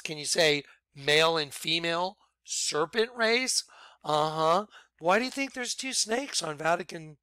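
High bright-voiced guy rambling thru an excited testimony, yells sometimes. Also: no room sound. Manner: excitable, rambling, bursts into shouts. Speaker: ministry leader.

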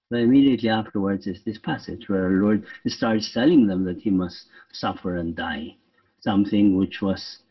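A man, a priest, leading a guided meditation in a slow, reflective way with frequent pauses. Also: lowish voice, slightly rough. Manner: slow, reflective, pausing often. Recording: dull, lo-fi sound from a distant mic.

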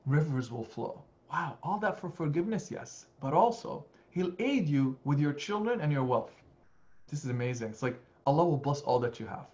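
Male imam, earnest lecturing preacher, slightly high voice, muffled lo-fi recording. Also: normal speed. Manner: earnest and animated, with many restarts and fillers. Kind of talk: Sunday lecture on scripture. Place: mosque community hall.

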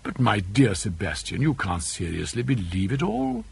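A man reading an audiobook and voicing an earnest, skeptical young male student who talks in a questioning, measured way with a husky voice. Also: on the low side, huge pitch swings, pitched below the performer's own voice, heavily acted.

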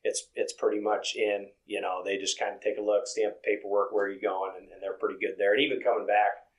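A man's voice: fairly low pitch, flat delivery, quick pace, low-quality recording. A man who works as a truck driver, chatting casually in an interview, rambling along with lots of "you know" fillers.

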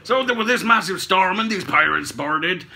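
Bright high-voiced man rambling comically. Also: lively intonation, normal speed, creaky. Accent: mix of Cockney and Somerset. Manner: rambling, self-correcting, swearing, laughing at own jokes. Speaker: comic puppet show host. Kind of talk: rambling comic storytelling in character.

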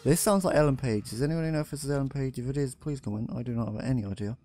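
A man hosting a horror game let's play reads notes aloud, yelping and swearing when startled. His mid-range voice is rapid-fire with a dark tone.

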